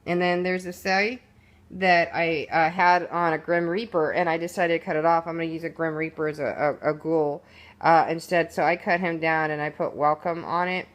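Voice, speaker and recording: This woman's low voice stays fairly even at a moderate pace as she chats through a craft project, show-and-tell fashion. Sleepy and yawning, she rambles, restarting sentences and using fillers, captured at home on her phone's camera.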